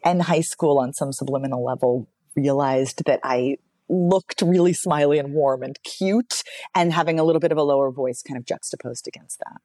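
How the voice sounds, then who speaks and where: A fairly low-voiced woman, a voice coach and author, talks easily in an interview. Her stories rise and dip in pitch with plenty of expression. The sound is close and dry. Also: no room sound. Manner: animated storytelling, wide pitch swings, expressive. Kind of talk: casual interview conversation.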